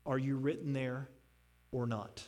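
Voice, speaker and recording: A man's voice: medium pitch, flat delivery, measured pace, a little mellow. A man preaching a sermon as pastor, emphatic and rising into fervent appeals, then closing in prayer. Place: church sanctuary. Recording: long hall reverb.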